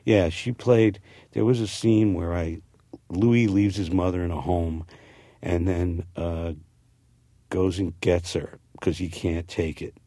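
Low gravelly man, slight New Jersey accent. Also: fairly even intonation, slow pace, mellow, dry recording. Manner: rambling, restarts sentences, reminiscing. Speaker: actor guest. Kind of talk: casual interview.

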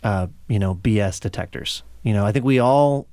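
A man's voice: fairly low pitch, moderate pace, dark tone, dry recording, studio quality. A man musician talking in an easygoing, rambling way in a casual interview. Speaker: musician guest.

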